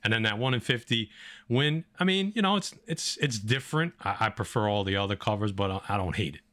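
A man with a fairly low voice, chatting casually about new comic books as a podcast co-host. He talks in a relaxed, rambling way, with lots of fillers and restarts. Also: a little fast. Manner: laid-back, rambling with fillers. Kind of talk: casual comic book chat.

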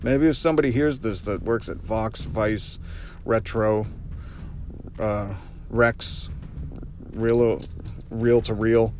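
A man hosting a solo podcast, ranting in an animated, joking way. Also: on the low side, takes it slowly, long pauses, slight background noise. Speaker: podcast host. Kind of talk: casual solo podcast rant. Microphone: podcast microphone.

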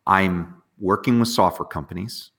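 A man, an entrepreneur guest talking with hyper, fast energy in an interview. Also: deep voice, gravelly. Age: 40s. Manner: energetic, hyper, talks fast with bursts of excitement. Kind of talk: interview conversation.

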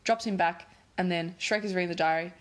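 A woman's voice: fairly low pitch, brisk. Rambling, giggly woman retelling a plot. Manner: rambling, giggly, uses filler "like" often. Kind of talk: casual chat, retelling a film plot.

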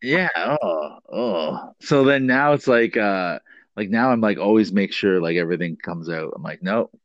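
A man's voice: deep voice, lively intonation, measured pace, dry recording, highs cut off. A man in casual chat, telling a rambling story with swearing and teasing his co-host.

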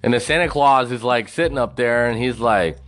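A man's voice: medium pitch, moderate pace, a bit bright, soft background music. A man hosting a podcast alone, rambling and swearing a lot, laughing at his own jokes. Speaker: podcast host. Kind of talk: casual solo podcast rant.

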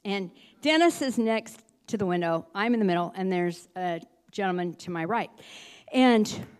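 A middle-aged woman telling a lively travel story as a testimony in church, slowing down to read scripture aloud. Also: medium pitch, clean tone. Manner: animated storytelling, reads scripture slowly. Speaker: church speaker sharing a testimony.

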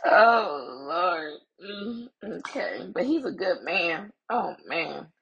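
A woman's voice: medium pitch, lively intonation, slow pace, gravelly, a bit bright, recorded from a distance, lo-fi sound. A woman in her thirties hosting a podcast from home in a casual, candid chat, full of slang and swearing, and laughing often. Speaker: podcast host. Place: room at home. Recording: roomy echo, voice off mic.

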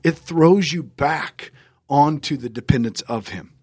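A man's voice: a little high, measured pace, darkish tone, slightly rough, no echo. A man co-hosting a casual faith podcast, reflecting and checking in with "right?". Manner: reflective, with frequent "right?" asides. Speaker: podcast co-host.

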